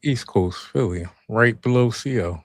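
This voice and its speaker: A man's voice: mid-range voice, unhurried. A shy man on a livestream call, speaking politely and not saying much. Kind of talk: casual livestream chat.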